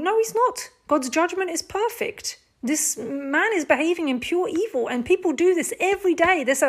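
Aussie woman doing a casual bible lesson, kinda high voice, earnest, lots of "like" and questions at you. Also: sing-song, normal speed. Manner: earnest, emphatic, with rhetorical questions and frequent "like". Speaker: Bible teacher. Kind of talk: informal Bible teaching.

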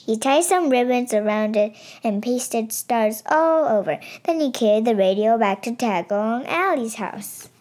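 Woman, children's story reading, steady narration, slightly high voice. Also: unhurried, few pauses. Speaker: story reader. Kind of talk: reading a children's picture book aloud.

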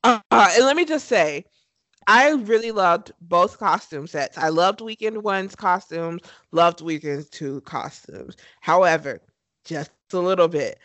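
Gushing, excitable woman in dry sound. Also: lowish voice, no echo. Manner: enthusiastic, gushing, emphatic. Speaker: podcast co-host. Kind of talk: casual chat.

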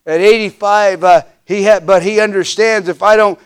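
A man's voice: high voice, fairly even intonation, normal speed, clear, resonant tone. Fervent preacher man in his fifties. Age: 50s. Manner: emphatic preaching with repeated refrains, swelling and dropping in volume; frequent restarts and filler uhs. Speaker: pastor. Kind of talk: sermon.

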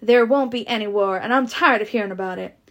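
Woman reading a bored spoiled southern belle, highish voice, drawl barely there. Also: fast talker, a bit bright. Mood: dismissive. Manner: read plainly with a half-tried drawl.

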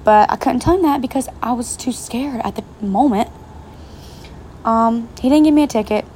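A woman's voice: a little high, normal speed, dark tone, slight background noise. A young woman telling a story to her viewers in a casual vlog, chatty and swearing freely. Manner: chatty, profane, speaking straight to viewers. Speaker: vlogger. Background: faint rain.

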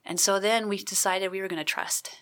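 A woman guest giving an earnest personal testimony in an interview, halting with many restarts. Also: medium pitch, steady tone, a bit bright.

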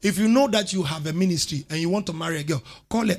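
A man, a pastor preaching a sermon with call-and-response to his congregation and loud exhortations. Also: high-pitched, quick pace, faint music behind.

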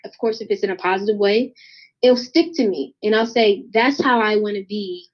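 A woman's voice: mid-range voice, normal speed. A young woman, a singer, telling a story in a casual interview, acting out the voices of the people in it. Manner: animated, acts out voices in her anecdotes. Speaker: guest artist. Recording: dull lo-fi sound.

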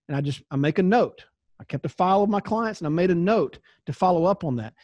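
A man's voice: sits high, lively intonation, quick pace, a little mellow, no echo, dull audio. Southern man coaching insurance agents. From American South. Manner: conversational, acts out client dialogues. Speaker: insurance sales trainer. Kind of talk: sales training talk.

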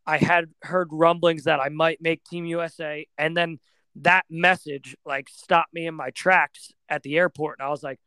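A young American man, a podcast guest, telling stories in a relaxed, rambling way with lots of fillers. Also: fairly high pitch, normal speed, clear, resonant tone, dry recording. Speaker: podcast guest, floorball player. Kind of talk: casual storytelling.

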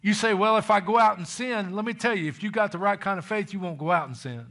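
Bright-voiced male preacher, emphatic. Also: high-pitched, fast talker. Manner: emphatic, calls for amens, reads scripture aloud. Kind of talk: sermon.

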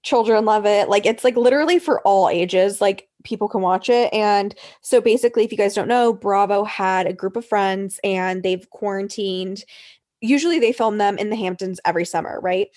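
Young woman co-host, casual and chatty, curses freely, average pitch. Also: moderate pace, darkish tone. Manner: chatty, swears a lot, laughs often. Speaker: podcast co-host. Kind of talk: casual chat.

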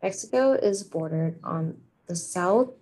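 A woman's voice: on the low side, expressive, unhurried, mellow, poor audio. Playful boastful woman in casual chat. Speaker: co-host.

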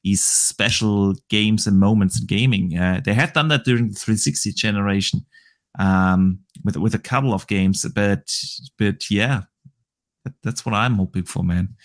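A man's voice: fairly low pitch, moderate pace. Eager podcast host, man. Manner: enthusiastic, repeats words as he thinks. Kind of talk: casual podcast chat.

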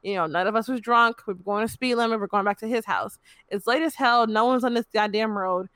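Young woman, frank storyteller, bright tone, dry recording. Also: a little high, brisk, no room sound. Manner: frank, profane, fillers like "you know". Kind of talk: casual chat, personal story.

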